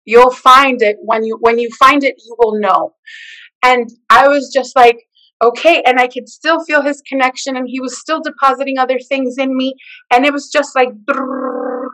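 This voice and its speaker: A woman telling her personal faith testimony in an animated way, acting out the voices of the people in her story. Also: high voice, normal speed, poor audio. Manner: expressive storyteller who acts out the quoted lines. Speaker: guest sharing her testimony.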